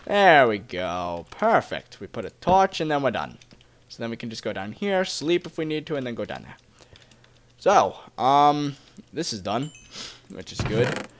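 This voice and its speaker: A man's voice: medium pitch, measured pace. A young man giving casual, chatty commentary as he plays a video game, talking to his viewers. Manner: chatty, excitable, talks to viewers. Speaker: Let's Play gamer.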